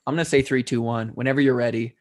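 A man's voice: mid-range voice, fairly even intonation, fast talker, a little mellow. A man hosting a podcast, running the show with wry, dry jokes in casual chat. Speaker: podcast host.

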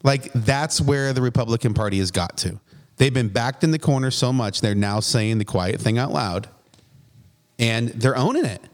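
A man's voice: mid-range voice, moderate pace. Man, blunt, profane, casual political chat. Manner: blunt, swears often. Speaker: podcast co-host.

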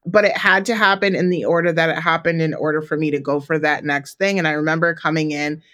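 A woman's voice: low voice, fairly even intonation, quick pace, a bit bright. Woman telling a reflective personal story. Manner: reflective storytelling, heavy use of "like" and "you know". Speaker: podcast co-host. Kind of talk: casual chat.

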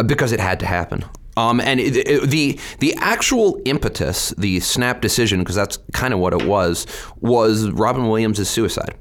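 Low-voiced male guest, lively storyteller, quick-tempered, plays out quotes. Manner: animated, quick to anger, acts out quotes. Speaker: state legislator and guest. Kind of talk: interview answers.

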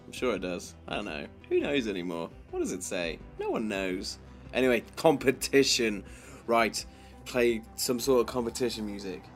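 A man's voice: fairly low pitch, wildly swooping pitch, normal speed, faint music behind. A man co-hosting a casual film podcast, teasing his co-host with dry banter.

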